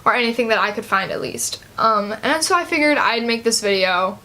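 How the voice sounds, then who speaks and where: A woman's voice: a little high, expressive, fairly quick, pushed and bright. A teenage girl of about seventeen vlogging a personal story, chatty and loose, with many "like" and "um" fillers. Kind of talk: casual personal story to camera.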